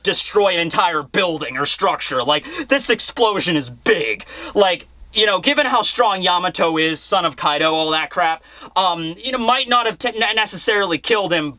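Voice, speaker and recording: High bright-voiced excitable man. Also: no room sound. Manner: excitable, rambling, mild swearing. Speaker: manga reviewer. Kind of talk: casual recap commentary.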